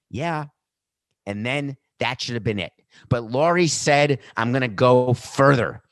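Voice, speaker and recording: Sarcastic middle-aged male sports podcast host, dry close studio mic, mid-pitched voice. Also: a little slow, no room sound. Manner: sarcastic, animated rants with mock quotes. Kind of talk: opinionated sports commentary. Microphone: studio microphone with earpiece.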